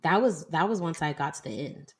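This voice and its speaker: Woman in her twenties, slightly low voice, casual book chat, lots of "like" and "y'all". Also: expressive, brisk. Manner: chatty, heavy use of "like" and "y'all". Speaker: podcast co-host.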